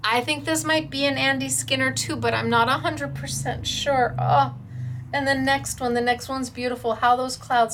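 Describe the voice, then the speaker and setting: A woman hosting a craft show, excitedly showing off viewers' samples, gushing and stammering as she talks. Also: high voice.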